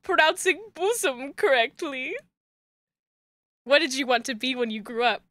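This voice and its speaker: A woman's voice: high voice, expressive, a little slow, heavy background noise. A woman reading out the dating profile of a gloomy gothic dad who loves all things Victorian, in a formal, old-fashioned way.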